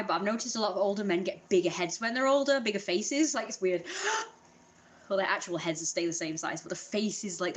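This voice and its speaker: A woman chatting casually in a vlog, rambling and self-deprecating. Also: medium pitch. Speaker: vlogger.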